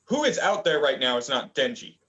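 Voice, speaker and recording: A young man co-hosting a casual review chat, rambling and halting with lots of fillers. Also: mid-range voice, big pitch swings, a bit bright, muffled recording. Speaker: manga review co-host.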